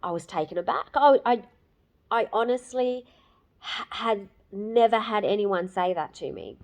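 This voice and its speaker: Woman, fifties, personal testimonial, candid and emotional, unhurried delivery. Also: medium pitch, lively intonation, a little mellow. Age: 50s. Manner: candid and emotional, with fillers and pauses. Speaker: program client giving a testimonial.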